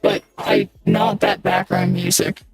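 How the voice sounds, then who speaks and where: A woman's voice: huge pitch swings, measured pace, vocal fry, soft background music, full character voice. A woman streamer speaking as a talking strawberry through a voice changer that drops her voice far down, rambling while she fiddles with settings. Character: talking strawberry with a deep filtered voice. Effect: voice changer pitched far down. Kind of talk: casual gaming livestream.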